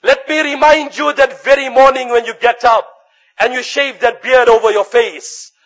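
High-voiced man preaching a fervent sermon. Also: steady tone, moderate pace, a bit bright. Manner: impassioned, chanting Arabic recitation. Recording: dull lo-fi recording.

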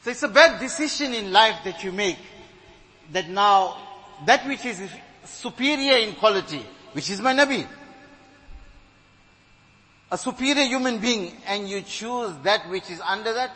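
A man's voice: high voice, expressive, a little slow, pauses often, pushed and bright, poor audio. A man preaching a sermon, earnest and exhorting, telling stories with retold dialogue.

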